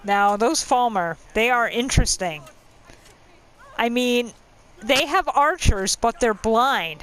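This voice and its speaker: A woman's voice: on the high side, lively intonation, slow pace, fairly bright tone, rough recording. A woman hosting a let's-play, talking in a chatty, musing way and laughing often while she plays. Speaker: gaming channel host.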